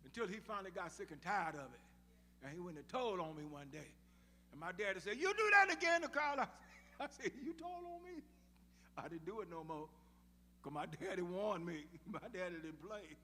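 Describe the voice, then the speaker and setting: A pastor preaches in a church sanctuary, acting out a Bible story in different voices and prompting the congregation to call back. His voice is high, animated, and fairly bright, at a moderate pace. The live church audio carries a long reverb.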